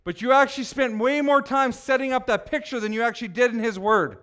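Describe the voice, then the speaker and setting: Male pastor, high clear voice, animated and joking with the congregation. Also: fast talker, few pauses. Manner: animated, teasing, conversational preaching. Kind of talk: sermon.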